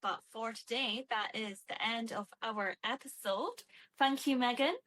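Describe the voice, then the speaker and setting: Relaxed woman co-hosting a podcast. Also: fairly high pitch, unhurried. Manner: relaxed, affirming, brief replies. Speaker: podcast co-host. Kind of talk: casual chat.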